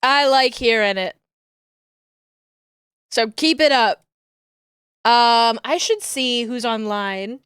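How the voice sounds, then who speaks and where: A woman's voice: on the high side, slow, long pauses, fairly bright tone, smooth, dry recording, clean studio sound. A woman streamer chatting casually with her viewers, rambling, giggling often and searching for words.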